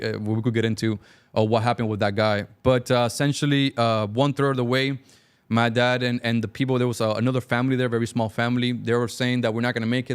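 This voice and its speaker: A young man from Cuba telling his life story as a talk-show guest, animated and acting out dialogue. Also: mid-range voice, clean tone. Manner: fast, animated, acts out dialogue. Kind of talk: casual storytelling.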